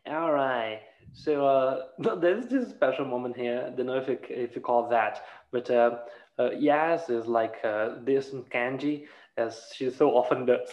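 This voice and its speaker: A man hosting a casual podcast, chatty and laughing often, with lively asides. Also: mid-range voice, unhurried. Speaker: podcast host. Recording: roomy, dull lo-fi sound.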